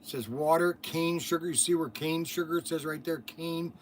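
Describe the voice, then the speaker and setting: A man's voice: a little high, normal speed, a little hiss or hum. A man hosting a store livestream, telling casual stories in a rambling way, repeating himself and laughing at his own tales. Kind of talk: casual storytelling.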